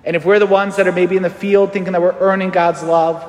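Animated priest preaching in an echoey church. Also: male voice, high-pitched, fast talker. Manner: animated, acts out quoted voices. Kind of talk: sermon.

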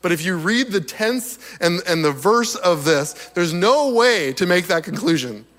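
A man with a high, slightly hoarse voice gives a lively sermon, chuckling between points at a slightly slow pace. The long reverb of a large hall surrounds his words.

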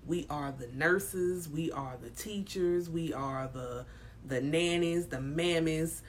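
A woman's voice: low-pitched, takes it slowly, slight background noise. A woman candidly telling a personal story in a frank, emphatic way, with casual swearing.

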